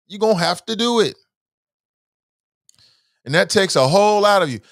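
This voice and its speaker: Animated, slangy man hosting a morning show. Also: fairly high pitch, dry recording, studio quality. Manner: animated, preachy, swears freely, slangy. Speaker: talk show host.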